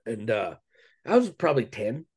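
A man's voice: medium pitch, very animated, moderate pace, a little mellow, breathy edge. A man, a guest on a podcast interview, telling a personal story in a casual, earnest and slangy way with frequent restarts.

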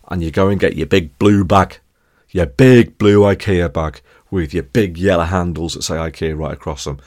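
A man's voice: sits low, fairly even intonation, moderate pace, darkish tone. A man hosting a podcast, talking in a chatty, jokey way and often checking in with listeners. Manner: chatty, jokey, addresses listeners directly with tag questions. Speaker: podcast host. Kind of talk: casual podcast monologue.

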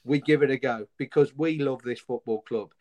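A man's voice: mid-range voice, moderate pace, darkish tone. A man speaking as a passionate football fan, angry and emphatic, often repeating himself for force. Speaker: fan guest. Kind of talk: impassioned fan chat.

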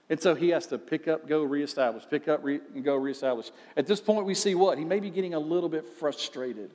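A man's voice: a little high, fairly quick, few pauses, a little mellow, big-room sound. A male pastor giving a sermon in a conversational way, asking rhetorical questions.

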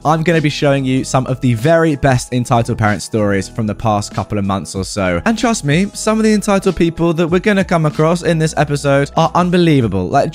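Casting: male host, animated delivery, faint music bed. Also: on the high side. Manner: upbeat, lively reading. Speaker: host and story narrator. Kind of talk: scripted online story narration. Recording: voice-over with faint music behind.

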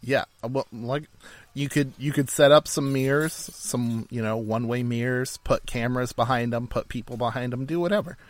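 A man's voice: medium pitch, normal speed, dry recording. Dry-voiced man chatting casually. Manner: loose, thinking aloud with fillers. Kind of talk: casual chat.

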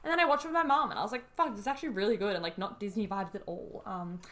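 A woman's voice: mid-range voice, racing, a bit bright. Casting: Australian woman, 20s, chatty podcast co-host, laughs easily, casual swearing. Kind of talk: casual chat.

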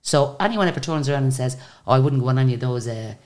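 Older woman, radio guest; low, expressive voice, animated storyteller who acts out each exchange. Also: fast talker. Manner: chatty, animated retelling of stories with quoted dialogue. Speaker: guest singer. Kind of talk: radio interview, anecdotal storytelling.

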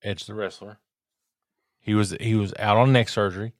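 A man's voice: on the low side, steady tone, moderate pace, no echo, studio quality. A man co-hosting a podcast in casual chat, tipsy from drinking, rambling, joking and swearing freely. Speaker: podcast co-host.

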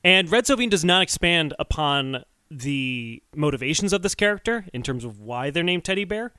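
Bright, animated male podcast co-host. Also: a little high, normal speed, smooth, no room sound. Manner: analytical, wry. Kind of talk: casual chat.

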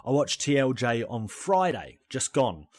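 A man, chatting casually as a podcast co-host, animated and loose, often saying "mate". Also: mid-range voice, measured pace. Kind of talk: casual chat.

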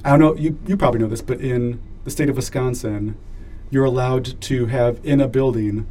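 A man's voice: medium pitch, fairly even intonation, moderate pace, mellow, a little hiss or hum. A man hosting a podcast in casual chat, upbeat and leading the conversation. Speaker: podcast host.

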